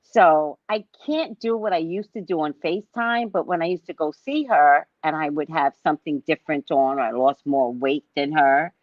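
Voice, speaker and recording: A woman hosting a casual chat over a video call, telling stories in an animated way and acting out what others said. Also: deep voice, normal speed, few pauses, dry recording, lo-fi sound. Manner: animated storyteller who acts out quotes. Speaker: host, psychic reader.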